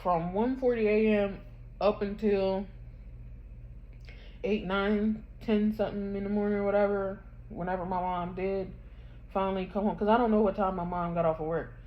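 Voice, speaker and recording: A grieving woman vlogging from her bedroom, telling a painful story in a halting, rambling way, close to tears. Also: medium pitch, steady tone. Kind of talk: emotional personal confession vlog. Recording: dull muffled sound with faint background hum.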